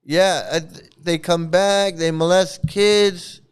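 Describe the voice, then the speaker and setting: Brief: male streamer, slightly high, very smooth voice; scornful, swears, laughs a lot. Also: fairly even intonation, slow pace. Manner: mocking, profane, laughs often. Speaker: online streamer criticizing a cult. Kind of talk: casual reaction livestream.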